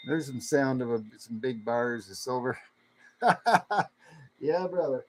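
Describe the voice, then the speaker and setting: A man hosting a late-night livestream chat in a folksy way, greeting viewers with loud whoops. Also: mid-range voice, takes it slowly, low-quality recording. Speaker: livestream host. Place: home studio with air conditioner running. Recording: faint air conditioner hum.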